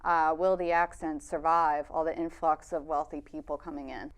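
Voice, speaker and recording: A woman filmmaker answering interview questions in a thoughtful, measured way, pausing on fillers. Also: deep voice, little pitch movement. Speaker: documentary filmmaker, interview guest.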